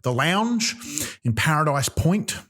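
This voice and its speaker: A man's voice: a little high, big pitch swings, slow pace, fairly bright tone. A man hosting a comedy podcast, delivering a profane, rambling solo rant with many ums and restarts. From Australia.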